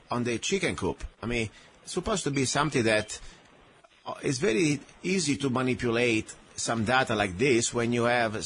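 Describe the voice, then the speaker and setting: Male talk radio host, English, opinionated and animated, mid pitch, faint hiss. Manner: animated, opinionated, loose non-native phrasing. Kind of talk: radio interview.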